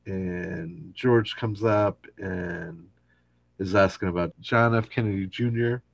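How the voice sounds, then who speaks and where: Low gravelly guy retelling a sitcom episode, husky, dry sound. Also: slow, no echo, highs cut off. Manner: animated retelling, acts out quoted lines. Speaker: podcast co-host recapping an episode. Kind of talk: casual chat, retelling a sitcom plot.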